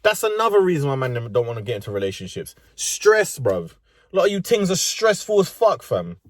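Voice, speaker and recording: A man's voice: mid-range voice, sing-song, fairly quick, no echo, clean studio sound. A young man with a London accent, ranting comedically and profanely in street slang from inside a car. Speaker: vlogger. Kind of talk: comedic rant.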